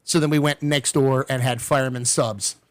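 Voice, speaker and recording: A middle-aged man telling a long personal story in casual chat, acting out the people he quotes with big jumps in pitch. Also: fairly even intonation, moderate pace. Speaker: podcast guest.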